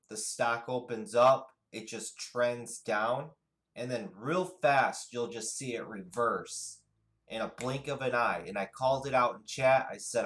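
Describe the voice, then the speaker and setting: A man teaches day trading over a chart, talking at a slow and deliberate pace. His voice sits at an ordinary middle pitch. He moves steadily from one price level to the next as he explains. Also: poor audio. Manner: steady, unhurried chart narration with pointing phrases. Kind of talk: screen-share chart walkthrough.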